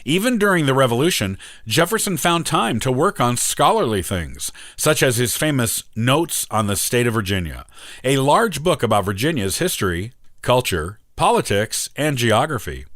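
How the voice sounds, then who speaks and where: A man hosting a podcast, reading a scripted history narration in a measured, steady way. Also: medium pitch, no room sound, clean studio sound. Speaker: podcast host.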